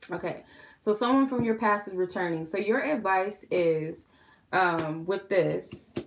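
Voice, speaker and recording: A woman's voice: fairly low pitch, slight background noise. A woman doing a casual tarot reading, chatting frankly and loosely straight to her viewers. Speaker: tarot reader.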